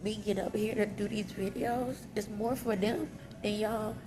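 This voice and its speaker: Speaking from a hotel lobby, an adult vlogger with children cries as she opens up to viewers about her pain in a raw, candid confessional using casual vernacular. Her voice is mid-range and steady at a moderate pace, with music behind her and a rough recording quality.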